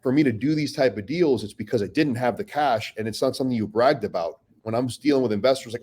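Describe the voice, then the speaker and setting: A man in the middle pitch range of men, speaking as a podcast guest. He talks bluntly and swears freely. His storytelling is animated, with frequent restarts. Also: fast, hardly any pauses, slightly rough. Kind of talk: casual podcast talk.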